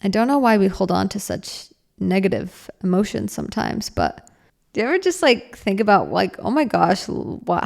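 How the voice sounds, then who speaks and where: Woman, young adult, podcast host, casual reflective talk, rambling, earnest, filler-heavy, mid-pitched voice. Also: big pitch swings, moderate pace, gravelly, a little mellow.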